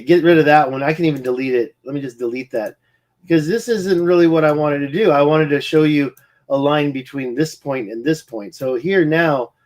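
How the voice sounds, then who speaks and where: A man rambling through a screen-share of satellite maps, muttering, restarting his sentences and getting sidetracked by hiccups. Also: mid-range voice. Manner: distracted, muttering, self-correcting. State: hiccuping, eye twitching. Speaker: independent researcher presenting maps.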